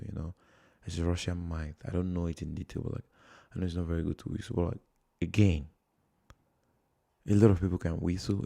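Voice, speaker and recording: A Nigerian man with a Nigerian accent reacts to videos on a phone livestream, rambling along casually. His voice sits low, creaky and dark, and he chats with lots of fillers and chuckles.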